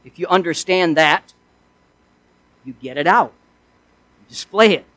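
High-voiced man preaching earnestly. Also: expressive, measured pace, bright, forceful tone, dry recording, rough recording. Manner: earnest preaching with rhetorical questions. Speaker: pastor. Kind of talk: sermon.

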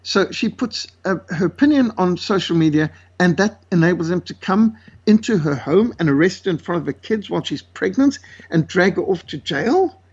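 A man's voice: high-pitched, expressive, normal speed, slightly rough, dull audio. A man from Africa, a guest telling stories in an interview in an indignant way, full of fillers. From South Africa. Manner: indignant, acts out quoted voices, many fillers. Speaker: guest, missionary author. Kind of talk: animated storytelling in an interview.

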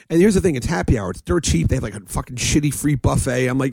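A man's voice: medium pitch, fast, vocal fry, few pauses, slightly rough, no room sound. A man telling a long rambling story in casual chat, laughing often and swearing. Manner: rambling, animated storyteller with frequent laughs and profanity.

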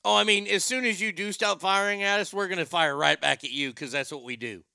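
A brash male radio host riffing through crude comic stories and doing voices for the characters. His voice is high, bright and smooth. The studio sound is dry and close. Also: fairly quick, no room sound. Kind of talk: comedic talk radio riffing.

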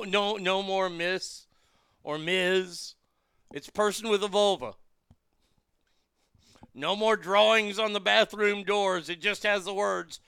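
A show host with a high, bright, gravelly-edged voice reads stories aloud and tears into them with crude, profane mockery, laughing at what he reads. His delivery has a measured pace, and the sound is close and dry with no room or echo.

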